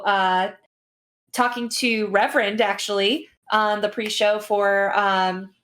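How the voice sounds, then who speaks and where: Woman hosting a stream, chatty, lots of ums and uhs, middle pitch. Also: a bit bright. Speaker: host. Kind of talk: casual livestream wrap-up.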